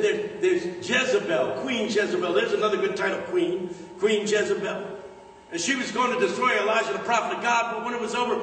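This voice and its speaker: A man's voice: high-pitched, fairly bright tone. A man preaching a humorous sermon in a large church, building up phrases with rhythmic repetition. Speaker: guest preacher. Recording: echoey church hall, distant mic.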